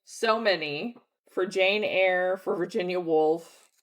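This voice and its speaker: A young woman co-hosting a book club podcast, talking casually and laughing often in a playful way. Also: on the low side. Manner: giggly, playful, quick to laugh.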